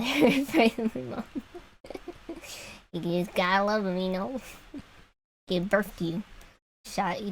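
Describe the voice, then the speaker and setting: Young woman streaming art, rambly and giggly, mid pitch, bit of faint noise. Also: rough recording. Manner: rambling, giggly, chatty with viewers. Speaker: vtuber streamer. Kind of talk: casual chat while drawing on stream.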